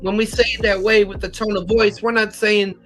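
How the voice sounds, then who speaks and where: Casting: American male Bible teacher, high and bright voice, methodical, faint music underneath. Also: flat delivery, brisk. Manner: methodical, cites chapter and verse, occasional slips. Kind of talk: scripture lesson.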